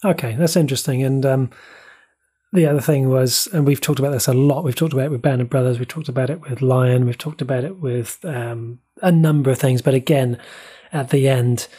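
A man co-hosting a film podcast, speaking in a measured, reflective way with some hesitations. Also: mid-range voice, steady tone, mellow, slightly rough. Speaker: podcast co-host. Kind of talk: casual film discussion.

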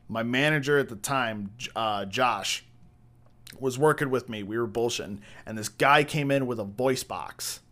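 A man's voice: mid-range voice, a bit bright. A man telling rambling, profane work stories in a casual chat, full of restarts and crude jokes. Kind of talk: casual storytelling.

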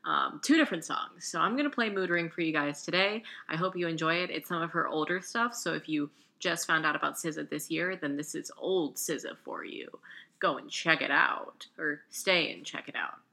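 Woman podcast host, low gravelly voice, loose chatty delivery. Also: brisk, bright, forceful tone. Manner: rambling, chatty, lots of fillers. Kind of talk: casual chat.

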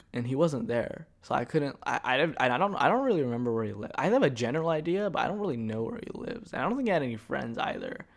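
A young podcast host with a medium-pitched voice rambles casually and swears a lot. He swings from quiet confessions to loud, animated bursts.

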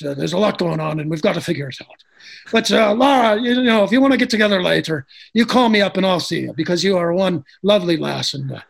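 A gruff, charming man on the phone to his sister, as a man puts him on for laughs. The voice is pitched down and deliberate, with a warm lilt and unhurried phrasing. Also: heavily acted.

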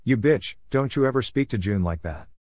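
A man's voice: medium pitch, lively intonation, fairly quick, darkish tone, no room sound, clean studio sound, natural voice. A man voicing an earnest young suitor who snaps when provoked, in a read-aloud story. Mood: angry. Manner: earnest, snappish. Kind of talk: storybook character voice.

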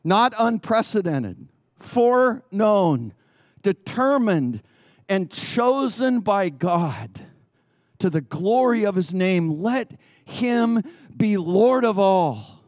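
A male pastor preaching a sermon in a church courtyard, emphatic and urging, with long pauses. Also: high-pitched, very animated, no echo, clean studio sound.

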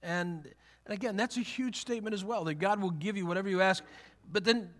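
A man's voice: high-pitched, fairly quick, fairly bright tone. A man preaching a sermon in a conversational way, often restarting phrases and acting out the words of the people in his story. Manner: conversational, repeats and restarts, acts out quotes.

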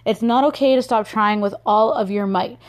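A woman's voice: on the high side, normal speed. A woman hosting a solo motivational podcast, chatty and upbeat with lots of filler words. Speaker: podcast host.

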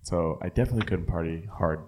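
A man's voice: low voice, fast talker, husky. A young man co-hosting a podcast, telling stories with acted-out quotes and plenty of swearing. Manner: animated storyteller, acts out quotes, swears freely. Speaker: podcast co-host. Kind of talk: casual banter.

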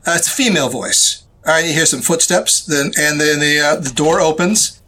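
A man narrating a tabletop horror game as game master, describing scenes in a relaxed, casual way. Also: fairly high pitch, normal speed, a little hiss or hum.

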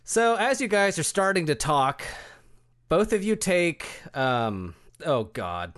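A man runs a tabletop game, narrating the scene and laying down the rules. His voice sits a little high and is very animated, rising and falling as he explains. He often breaks into laughter between lines. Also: slow pace. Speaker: game master.

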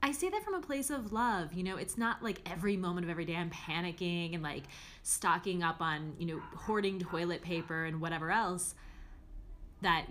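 Young adult woman, life-coach podcast host; frank, chatty delivery, full of fillers, average pitch. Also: a little hiss or hum. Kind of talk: casual podcast monologue.

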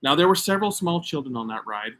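Animated middle-aged male storyteller. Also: a little high, fast talker. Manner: animated storyteller, emphatic and self-mocking. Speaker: podcast co-host. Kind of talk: casual chat.

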